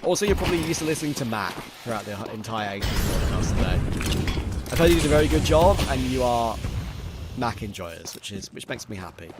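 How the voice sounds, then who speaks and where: A man's voice: medium pitch, big pitch swings, a little fast, loud music behind the voice. A young man with a London accent, casually commentating an esports match and chatting with viewers while losing his voice. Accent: London English. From England. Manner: casual, chatty, answers viewer questions between plays. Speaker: esports caster. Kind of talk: solo esports commentary with chat reading. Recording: game sound and gunfire behind the voice.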